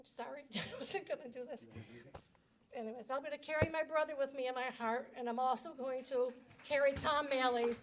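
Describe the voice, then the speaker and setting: A middle-aged woman speaks into a handheld mic at a reception, her voice a little high. She gives a prepared personal speech in a chatty, self-deprecating way, with a faint hiss under her. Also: fairly even intonation, brisk. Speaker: grand marshal giving a speech. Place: reception hall. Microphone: handheld microphone.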